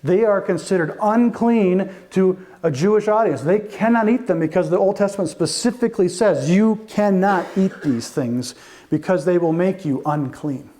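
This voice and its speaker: A man preaches in a fairly high voice. His sermon is conversational and animated, full of asides and quick explanations to the congregation. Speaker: pastor.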